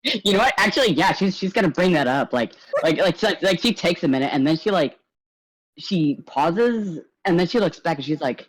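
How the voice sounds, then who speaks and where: A game master runs a tabletop role-play in loose, casual narration, swearing freely and padding lines with fillers. The pitch sits mid-range. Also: lively intonation, moderate pace, husky, poor audio.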